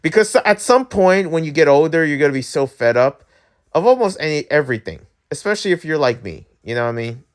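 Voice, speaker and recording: A man hosting his own vlog, talking alone in a casual ranting monologue that swings between heated outbursts and low mutters. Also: sing-song, fairly quick. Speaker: vlog host.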